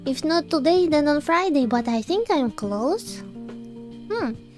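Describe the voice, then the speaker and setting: A woman's voice: high voice, expressive, measured pace, soft background music. A woman streaming a game and chatting casually, giggling often as she greets viewers one by one. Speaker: VTuber streamer. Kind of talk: casual livestream chat.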